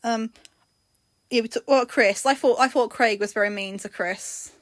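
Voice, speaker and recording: A woman's voice: fairly high pitch, moderate pace, dry recording. Hesitant woman in a dry-sounding chat. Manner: hesitant, recounting with many restarts. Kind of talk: casual chat.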